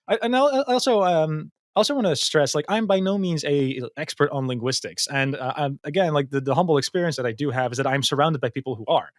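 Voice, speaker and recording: A man's voice: on the high side, a little fast, few pauses, no echo, clean studio sound. A man in a casual podcast conversation, explaining ideas thoughtfully with many ums, likes and restarts. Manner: hesitant, many fillers and restarts. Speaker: guest, machine learning engineer.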